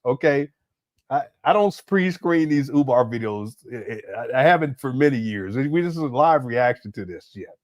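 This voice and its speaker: A man's voice: medium pitch, expressive, moderate pace, dry recording, studio quality. A man hosting a live reaction stream, laughing often, stumbling over his words and talking straight to his chat.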